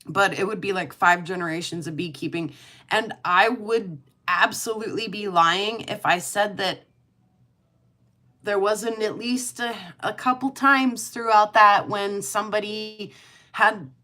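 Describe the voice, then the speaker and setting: A woman's voice: mid-range voice, a little slow, sharp tone. A middle-aged woman hosting a casual livestream chat, rambling and laughing often as she talks. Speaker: livestream host.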